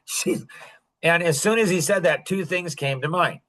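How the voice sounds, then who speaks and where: A man's voice: a little high, moderate pace, bright, forceful tone. A man hosting a podcast in a casual, rambling chat, chuckling often and saying "like" a lot. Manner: rambling, chuckling, heavy use of "like". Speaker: podcast host.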